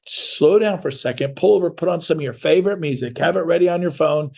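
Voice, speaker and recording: Gravelly-voiced blunt sales coach man. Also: a little high, fast. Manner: blunt and energetic, acts out dialogues. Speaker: real estate sales coach. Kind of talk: motivational sales training talk.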